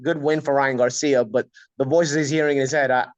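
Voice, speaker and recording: A man's voice: medium pitch, fairly even intonation, a little fast, dry recording. A man hosting a casual boxing talk show, stuffed up with a cold, talking bluntly and repeating himself. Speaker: podcast host.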